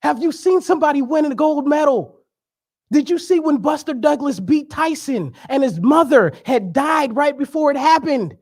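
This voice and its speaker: A man's voice: extremely high pitch, animated, moderate pace, darkish tone. A young man giving a sermon as a guest speaker, conversational and joking, with emphatic preaching.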